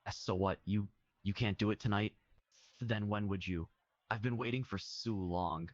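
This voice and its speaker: A synthetic voice playing a deep, flustered chatbot youth. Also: male voice, fairly even intonation, moderate pace, no room sound, close to an everyday voice. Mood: desperate. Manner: reads out its own stage actions, stammering. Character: flustered young man chatbot character. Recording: dull lo-fi dry sound.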